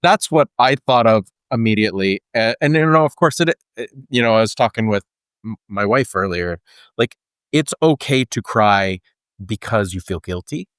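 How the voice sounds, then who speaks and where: A man's voice: fairly low pitch, animated, moderate pace, a bit bright, clear, resonant tone, no echo, studio quality. A man co-hosting a podcast, talking in earnest and thinking aloud with frequent restarts. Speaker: podcast co-host. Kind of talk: casual conversational podcast.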